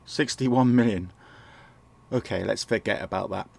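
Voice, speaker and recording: A man with a sore throat and a croaky voice, rambling and correcting himself as he casually talks through a management game at home. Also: on the low side, unhurried. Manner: rambling, self-correcting, chuckles often. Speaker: gameplay commentator. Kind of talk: casual game walkthrough commentary. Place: home, indoors.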